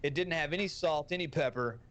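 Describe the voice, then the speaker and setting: A man's voice: on the high side, brisk, fairly bright tone. A man with a Texan accent, a streamer guest telling a brash, profane, joking story on a podcast.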